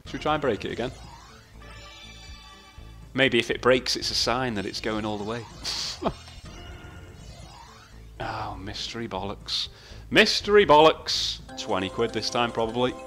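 Male slots host, bright edgy voice, rambling excitable commentary full of swearing, some game music underneath. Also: mid-range voice. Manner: excitable, swears a lot, talks to himself and shouts at the game. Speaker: slot video host. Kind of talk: casual commentary while playing slots.

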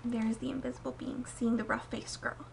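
Gentle young woman reading a storybook aloud. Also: a little high, brisk, vocal fry, far from the mic, background noise. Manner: gentle, expressive read-aloud with soft dips for quoted lines. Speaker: storybook reader. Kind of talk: reading a picture book aloud.

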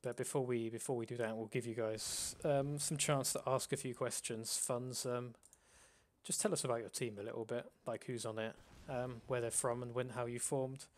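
Man explaining rules in a monotone. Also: mid-range voice, moderate pace. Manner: calls his own voice monotone, many fillers and restarts. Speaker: host. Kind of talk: casual live-stream explainer.

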